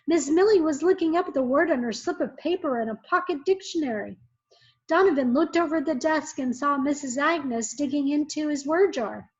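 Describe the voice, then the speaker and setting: Teacher reading a chapter book aloud to her class, a fairly high woman's voice, expressive and measured, on a muffled, lo-fi recording.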